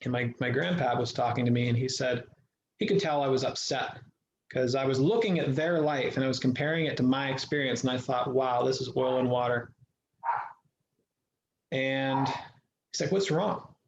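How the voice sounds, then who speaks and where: A man speaks as an interview guest, earnest and reflective, circling back and restarting as he tells his story. His voice sits at an ordinary middle pitch. The recording is echoey and a little dull and lo-fi, with a faint hiss underneath. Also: normal speed. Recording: echoey room, dull lo-fi sound.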